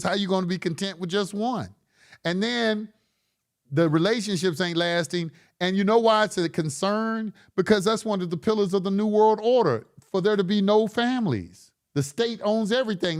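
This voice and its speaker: A middle-aged man with a high voice runs a late-night livestream as an online course host. He talks bluntly and profanely, preaching in a way that builds until he's impassioned.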